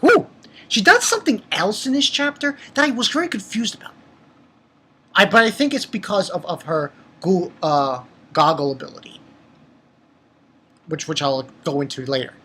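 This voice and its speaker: A man casually recapping a manga chapter for his channel, rambling and excitable, with lots of fillers and restarts. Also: a little high, breathy edge. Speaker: manga review channel host.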